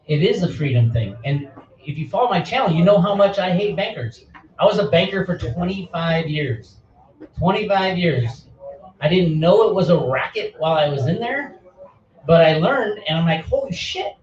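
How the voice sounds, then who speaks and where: A man's voice: fairly high pitch, animated, moderate pace, darkish tone. A middle-aged man who hosts his own channel, giving a fiery, swearing rant in an impassioned speech. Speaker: online channel host. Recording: roomy, distant, dull lo-fi sound.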